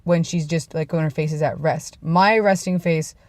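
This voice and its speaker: A woman's voice: sits low, steady tone, normal speed, no room sound. A young adult woman telling rambling, self-deprecating stories in a casual vlog. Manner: rambling, self-deprecating, drops to a hush for quoted lines. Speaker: vlogger.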